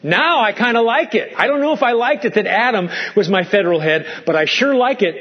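A male pastor preaching a sermon with animated delivery, swinging from loud to hushed. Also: sits high, brisk. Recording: muffled lo-fi sermon recording.

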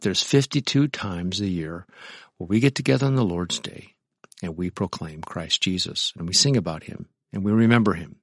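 Low-voiced man preaching conversationally. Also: no echo, studio quality. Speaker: pastor. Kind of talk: sermon with reading aloud.

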